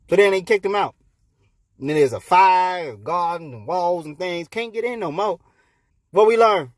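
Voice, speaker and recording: A man's voice: high voice, moderate pace, dry recording, clean studio sound. A man hosting a comedic retelling, narrating in laid-back slang. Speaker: host. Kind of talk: comedic storytelling.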